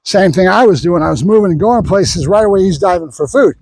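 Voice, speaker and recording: A man's voice: high-pitched, animated, brisk, creaky, a little mellow, breathy edge, dry recording, rough recording. An older man, a professional dog trainer, talking through a training session in a rambling, opinionated way and breaking off now and then to praise the dog. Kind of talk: training vlog with running commentary.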